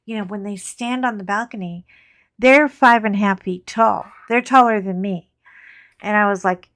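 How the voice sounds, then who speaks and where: A woman hosting a crafting channel, chatting casually and telling animated anecdotes with frank asides while she works. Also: mid-range voice, normal speed.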